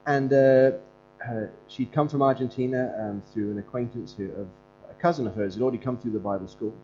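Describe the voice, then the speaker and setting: Speaking briskly in a medium-pitched voice, this man is a pastor who also leads a Bible school. His sermon is conversational and earnest, told like a story with occasional fillers and restarts, over dull lo-fi audio with mains hum.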